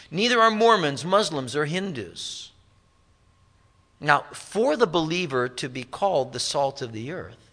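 Pastor, male, sermon delivery, bright tone, slightly higher voice, emphatic slow stresses.

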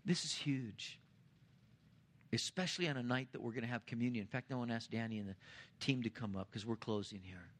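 This pastor's sermon moves at a brisk pace. On key points his voice rises louder and higher, and at the close of each line it falls to a hushed low.

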